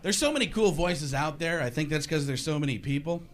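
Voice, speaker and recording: Male stand-up, high voice, self-deprecating, noisy live club. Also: animated, brisk. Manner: rambling, self-mocking. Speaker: stand-up comedian. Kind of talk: stand-up set. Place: comedy club stage. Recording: live club, loud crowd and noise.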